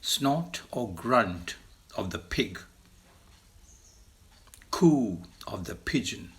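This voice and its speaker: Very slow, deliberate male language teacher. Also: very animated, fairly bright tone. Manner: slow, deliberate listing, lifts pitch to mimic sounds. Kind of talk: slow vocabulary lesson.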